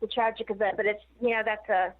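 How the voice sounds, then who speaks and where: A woman's voice: mid-range voice, flat delivery, fast talker. A woman in her forties, a guest on a phone interview, telling long digressive stories with laughs mixed in. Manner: rambling, digressive storytelling with laughs. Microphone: phone call. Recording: tinny phone line.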